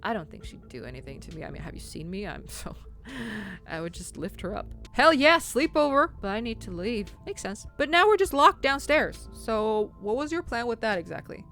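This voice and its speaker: A woman's voice: medium pitch, very animated, a little fast, faint music behind. Playful, laughing woman streamer. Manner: playful, laughing, swearing, loud outbursts. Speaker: game streamer. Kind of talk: playing and reading a story game aloud.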